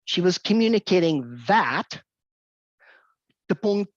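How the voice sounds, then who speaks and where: A woman giving an English-teaching talk, telling a story with animated delivery and repeating her key points. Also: fairly low pitch, a little slow, no room sound, dull audio. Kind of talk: lecture with anecdote.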